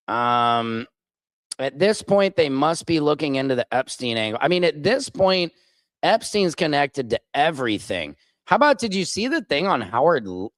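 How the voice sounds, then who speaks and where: A man's voice: medium pitch, no echo. A man, a stand-up comedian hosting his own show, chatting casually on a livestream and drifting off-topic with jokey asides. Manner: rambling, digressive, jokey asides.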